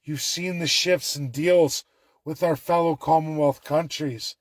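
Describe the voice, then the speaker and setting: A man's voice: a little high, steady tone, a little slow, no room sound. A man from Alberta, ranting sarcastically and angrily in a political commentary video. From Alberta, Canada. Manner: sarcastic, angry, mocking.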